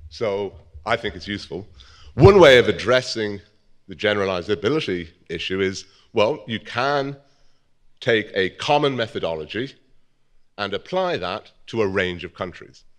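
British guy talking at a conference, low voice, thoughtful, lots of ums. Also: animated. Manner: measured, thoughtful, with fillers and restarts. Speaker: conference speaker. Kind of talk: academic conference talk.

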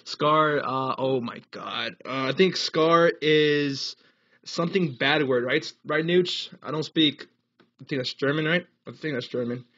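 A man's voice: fairly high pitch, unhurried, bright, forceful tone. Een hese jonge Amerikaanse man die ontspannen en wat warrig praat tijdens een livestream van een game, vaak lachend terwijl hij de chat voorleest. Het geluid klinkt dof en lo-fi, als van een eenvoudige streammicrofoon. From United States. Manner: rambling, laughs often, reads chat aloud. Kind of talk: casual live gaming stream chat.

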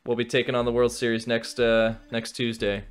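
A young man streaming a baseball video game, excitable, swearing and shouting at his players. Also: medium pitch, fairly quick, clean tone. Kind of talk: excited gameplay commentary.

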